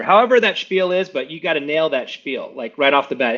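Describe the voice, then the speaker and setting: A man running a live sales training, rattling off advice at a rapid clip and checking in with his trainee as he goes. His voice sits a little high for a man. It comes through a dull, lo-fi video call line. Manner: fast, energetic, coaching with frequent checks like "okay?". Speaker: sales coach.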